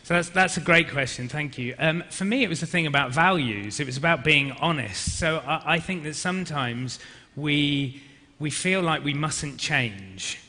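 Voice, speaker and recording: A man's voice: a little high, expressive, normal speed, few pauses. A British man, a former actor, candidly answering audience questions on stage, often restarting his sentences. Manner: warm, candid, with frequent self-restarts. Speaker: former actor, now speaker and coach. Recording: reverberant event hall.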